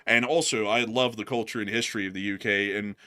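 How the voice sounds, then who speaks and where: A man's voice: on the low side, steady tone, fast, sharp tone, smooth. A man from the United States co-hosting a livestream, chatting in a rambling, emphatic way. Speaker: news channel co-host. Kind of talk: casual livestream chat.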